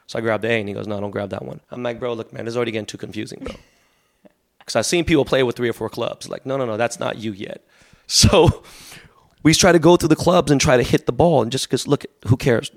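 A man's voice: medium pitch, no echo, clean studio sound. A man in his forties, a podcast guest, telling rambling stories full of fillers. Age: 40s. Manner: fast, rambling storytelling with many fillers. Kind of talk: casual podcast chat.

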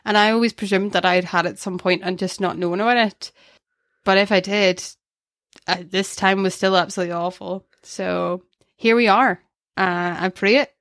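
A woman's voice: medium pitch, steady tone, moderate pace, a bit bright, no echo. Young woman, podcast co-host, chatty and self-mocking, dry close sound. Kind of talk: casual chat.

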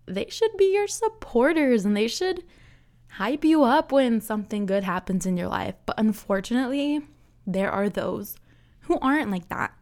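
A woman's voice: fairly high pitch, lively intonation, moderate pace, a little mellow. A woman in her twenties hosting her own podcast alone, chatting casually, laughing often and filling her sentences with "like". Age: 20s. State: out of breath. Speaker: podcast host. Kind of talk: casual solo podcast chat.

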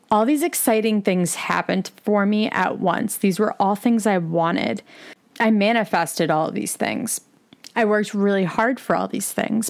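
Woman, 20s, solo podcast host; confessional, rambling delivery, casual profanity. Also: medium pitch. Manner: rambling, confessional, swears freely. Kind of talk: candid solo podcast monologue.

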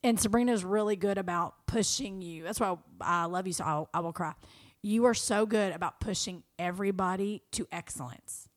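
A woman from Kentucky with a Southern American accent, co-hosting a podcast in an animated, folksy, casual chat. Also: mid-range voice, moderate pace. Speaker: podcast co-host.

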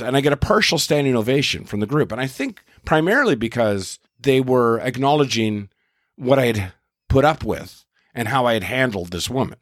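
A man's voice: medium pitch, dry recording, studio quality. A middle-aged man, a comedian and podcast host, telling a story in a casual, exasperated way and swearing now and then.

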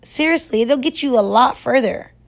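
A woman vlogger giving relationship advice in a blunt, profane, scolding rant, stretching words and jumping up in pitch for emphasis. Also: moderate pace, creaky. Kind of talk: casual rant to camera.

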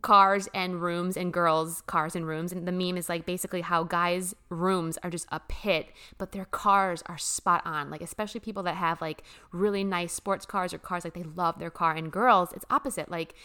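A young woman chats about spirituality in a bright, ringing voice. She talks in a gushing, emphatic way and swears casually as she goes. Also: on the low side, fairly even intonation, moderate pace, clean tone. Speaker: spiritual vlogger.

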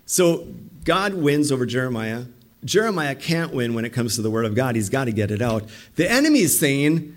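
A middle-aged male pastor preaching a sermon in an animated way, acting out the voices he quotes. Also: mid-range voice, fairly quick.

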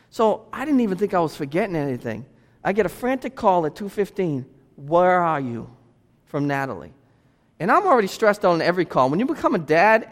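High-voiced preacher in a reverberant church. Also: male voice. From United States. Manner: lively, conversational preaching with rhetorical questions. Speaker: pastor. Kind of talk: sermon. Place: church sanctuary. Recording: church hall with long reverb.

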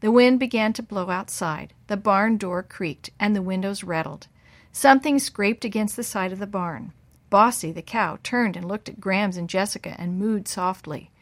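A woman reads a children's story aloud in a measured, expressive voice of middle pitch. The recording is dry and close, with no room sound. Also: no echo.

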